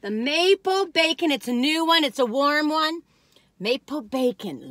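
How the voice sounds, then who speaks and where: Chatty, lively woman vlogger in a car. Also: high-pitched, a little slow, no room sound, clean studio sound. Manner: folksy and chatty, drifts off topic. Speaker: vlogger reviewing cookies. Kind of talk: rambling casual chat. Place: parked car.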